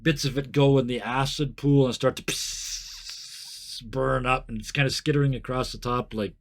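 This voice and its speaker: A man serves as game master, narrating a tabletop fight in a relaxed, joking tone. His voice sits at a middling pitch, and he sniffs now and then between phrases. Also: measured pace.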